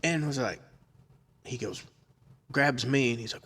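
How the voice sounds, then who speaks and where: A man's voice: medium pitch, normal speed, husky. A man telling a funny story in a casual chat, laughing often and acting out the people in it. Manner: animated, laughs often, acts out quotes.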